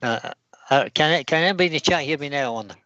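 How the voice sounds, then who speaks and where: A man's voice: fairly high pitch, expressive, very fast, sharp tone, dry recording, highs cut off. A man hosting a casual livestream, reading out long lists of viewer names and laughing easily. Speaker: livestream host.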